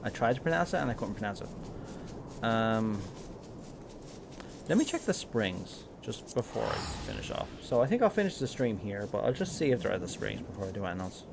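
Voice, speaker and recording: A man's voice: fairly low pitch, very animated, brisk, creaky, background noise. An Irish man giving casual live-stream commentary on a game, rambling with lots of fillers and self-corrections. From Ireland.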